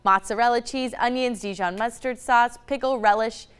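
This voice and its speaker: Female morning news anchor, upbeat, chatty, slightly high voice. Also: steady tone, normal speed, clean tone. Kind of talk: morning news, casual chat.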